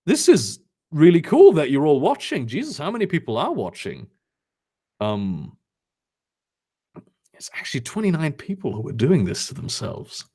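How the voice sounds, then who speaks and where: Reading fanfiction on a live stream from home in Germany, a young man speaks in a slightly rough, a little high voice at a moderate pace, pausing often. He interrupts himself with sarcastic, swearing commentary and animated asides, and chats with viewers.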